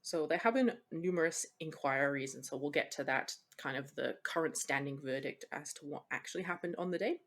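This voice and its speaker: Low husky woman co-hosting a podcast. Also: a little fast, hardly any pauses. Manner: chatty, laughs often, slips into explaining. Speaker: podcast co-host. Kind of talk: casual chat.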